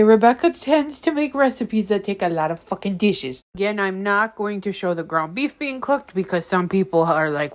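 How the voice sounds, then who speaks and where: A woman's voice: mid-range voice, very animated, moderate pace, fairly bright tone. Joking young woman cooking at home. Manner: joking, rambling, offhand. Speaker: home cook. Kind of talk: casual cooking vlog narration. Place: home kitchen.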